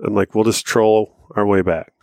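Casual storytelling man, low dry voice. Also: fairly even intonation, normal speed, creaky, a little mellow, no echo. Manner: rambling, profane, laughs through the story. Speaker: podcast co-host.

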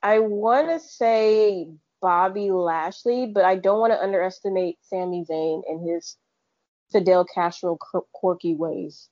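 A woman's voice: mid-range voice, unhurried, a little mellow, dry recording. A woman co-hosting a podcast in casual chat, rambling and often restarting her sentences. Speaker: podcast co-host. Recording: dull, dry, lo-fi podcast audio.

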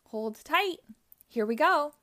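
A woman voicing a cheerful, super-fast young hedgehog hero, calling out with high, excited energy. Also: exaggerated voice. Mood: urgent.

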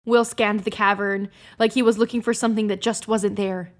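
A woman's voice: mid-range voice, flat delivery, normal speed. A woman co-hosting a podcast, giggly and effusive in casual chat and reading book narration aloud. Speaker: podcast co-host.

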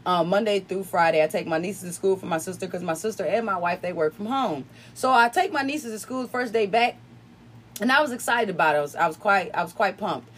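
With a mid-range voice and a brisk pace, plus a little hiss or hum in the recording, an upstate New York woman hosts a casual spiritual podcast in a slight Southern country twang. She preaches now and then, repeats phrases for emphasis and swears freely.

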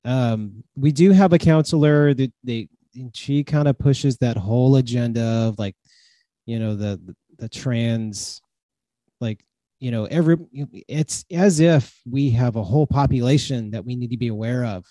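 Hesitant man with a mellow voice. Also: medium pitch, normal speed, no room sound. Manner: hesitant, filler-heavy. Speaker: guest. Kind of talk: casual chat.

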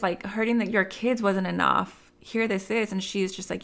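A woman's voice: medium pitch, steady tone, normal speed, gravelly. A woman telling her life story in an interview, talking candidly with lots of "like" and "you know.". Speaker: interview guest. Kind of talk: personal storytelling in conversation.

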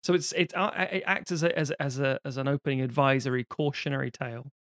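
A man's voice: mid-range voice, quick pace, a bit bright, no room sound, clean studio sound. A man co-hosting a podcast, chatting casually and animatedly with many restarts and swearing. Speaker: podcast co-host. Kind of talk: casual film discussion.

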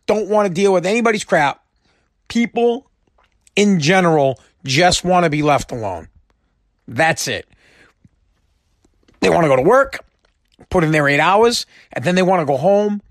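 A man from the Boston area goes on a casual, profane, exasperated rant, repeating himself for emphasis. His voice is on the high side, and the studio recording is clean with no room sound.

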